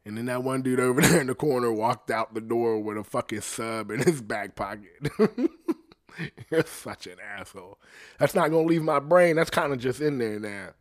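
A man's voice: medium pitch, moderate pace. Rambling, profane male podcast host. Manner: rambling and profane, trails off quietly, frequent self-mocking laughs. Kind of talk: casual profane rant.

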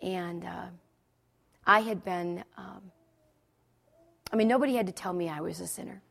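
A woman from the Philadelphia area, with roots in New Jersey and Philadelphia, USA, delivers a conversational Christian sermon to wives. Her voice is lowish and gravelly at a moderate pace. She is emphatic, repeats key lines, and tells personal stories full of asides.

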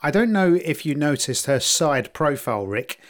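Guy on a podcast, kinda high voice, rambly, keeps laughing. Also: moderate pace. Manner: animated, laughs often, rambling with restarts. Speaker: podcast co-host. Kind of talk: casual chat.

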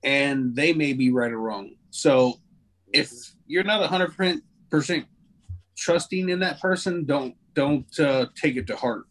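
A pilot recounts his fly-in experience while chatting casually in a group, his medium-pitched voice moving a little slowly. He rambles, corrects himself, restarts sentences and repeats words as he explains things.

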